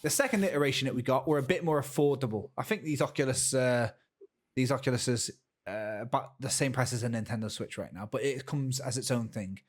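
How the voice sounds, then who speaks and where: A man co-hosting a podcast, talking in an excitable, stammering casual way. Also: medium pitch, a little fast. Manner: animated, excitable storytelling with stammers. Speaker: podcast co-host. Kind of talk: casual chat.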